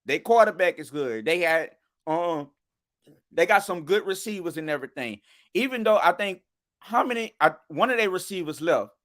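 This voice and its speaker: A man's voice: sits high, expressive, moderate pace, a bit bright. Rambling man chatting sports. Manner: rambling, restarts, keeps asking "you know what I'm saying". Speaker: podcast co-host. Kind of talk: casual sports podcast chat.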